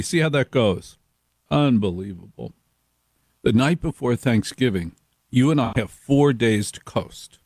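A man's voice: medium pitch, no room sound. Dry-voiced, sarcastic male radio host. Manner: animated, sarcastic, voice switching. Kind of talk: radio monologue storytelling.

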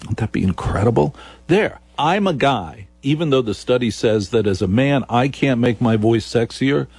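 A radio host from New Jersey, a man with a New Jersey accent, talks playfully on air. His fairly low voice is gravelly and husky, and he keeps slowing down into a deep, seductive register. The studio sound is dry and close. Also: darkish tone, no room sound. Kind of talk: comic radio talk monologue.

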